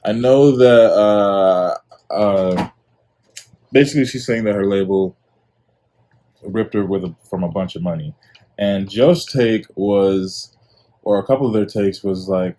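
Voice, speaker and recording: Chill young guy on his podcast, deep mellow voice, lots of uh and like. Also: a little slow, pauses often. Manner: laid-back, rambling with many fillers. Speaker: podcast host. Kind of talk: casual solo commentary.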